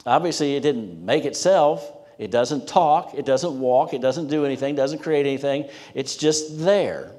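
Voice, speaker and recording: A man preaching a sermon emphatically, rising in pitch and volume when reading scripture and dropping low for asides. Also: unhurried, few pauses, dark tone. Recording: long hall reverb.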